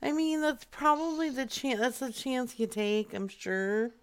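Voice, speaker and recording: A woman's voice: fairly high pitch, measured pace. A woman co-hosting a comedy radio show, chatting loosely and laughing often. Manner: laughing, animated. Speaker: co-host. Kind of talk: casual chat.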